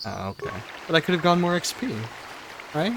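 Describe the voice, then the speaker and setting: A man's voice: on the high side, big pitch swings, normal speed, creaky, background noise. A man streaming a game who chats casually, laughs often and talks to his viewers. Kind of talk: casual live-stream chat.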